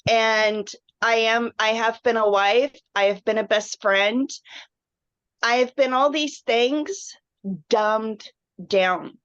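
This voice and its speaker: A woman's voice: fairly high pitch, a bit bright, clean tone, no echo. A woman guest on a webinar, sharing her personal health story in an earnest, emotional, rambling way. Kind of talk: candid personal testimonial. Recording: dull, muffled online call audio.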